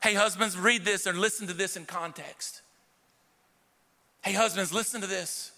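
Emphatic preacher with a bright, gravelly voice. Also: male voice, high-pitched, steady tone, normal speed. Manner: emphatic, direct calls to the congregation. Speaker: pastor. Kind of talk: sermon. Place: church sanctuary with a live congregation. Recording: long church hall reverb.

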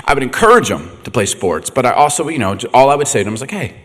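Middle-aged male pastor, lively swooping delivery, laughs often, echoey hall. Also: medium pitch, very fast. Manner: animated, laughing, acts out quotes. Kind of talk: humorous sermon storytelling.

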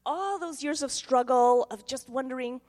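A middle-aged woman pastor giving a testimony sermon, telling her story in an animated way and acting out the voices in it. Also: high-pitched, moderate pace. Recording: long hall reverb.

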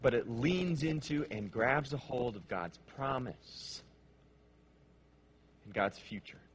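A male pastor preaching a sermon with passion, dropping to hushed, slow phrases and then rising to emphatic ones. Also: mid-range voice, lively intonation, a little hiss or hum. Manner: impassioned, swings between hushed and emphatic.

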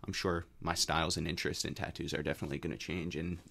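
A young man answering interview questions casually, with a relaxed, rambling manner full of fillers. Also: extremely low pitch, quick pace, creaky, slightly rough. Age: young adult. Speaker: podcast guest.

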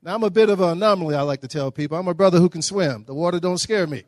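Animated storytelling man from Texas. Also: high voice, very fast, dry recording, studio quality. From Dallas, Texas. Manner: animated, folksy storytelling with acted-out quotes. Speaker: guest speaker. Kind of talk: storytelling speech at a breakfast.

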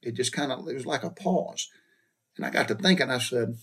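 A man's voice: medium pitch, expressive, fairly quick, husky. A middle-aged man with a Southern American accent, telling a childhood story in a folksy, rambling way, often repeating and restarting his words. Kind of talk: casual personal storytelling.

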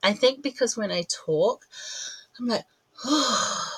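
A woman hosting a podcast in a casual, rambling chat, a little out of breath and quick to laugh at herself. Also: a little high, lively intonation, fairly bright tone, husky, dry recording, low-quality recording. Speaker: podcast host.

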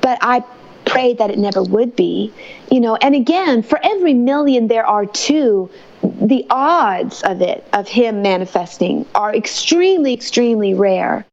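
Emotional mom talking faith in an interview, highish voice, kinda muffled sound. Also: female voice, animated, unhurried, a little mellow. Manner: fervent and emotional, faith-filled. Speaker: mother telling her story. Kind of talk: testimony interview.

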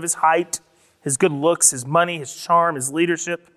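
A man preaching a sermon, retelling a story with acted quotes and building to loud, emphatic passages. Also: fairly high pitch, steady tone, moderate pace. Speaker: pastor. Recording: long hall reverb.

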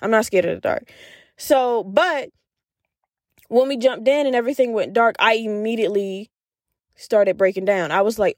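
A woman hosting a podcast, telling a story in a casual, animated way and acting out the voices she quotes, laughing often. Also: a little high, moderate pace, no room sound, clean studio sound. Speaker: podcast host.

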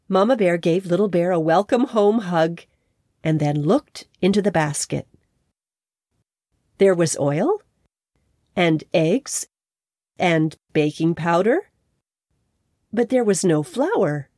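A woman narrating a children's story in a gentle, measured way. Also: fairly low pitch, lively intonation, no room sound, clean studio sound.

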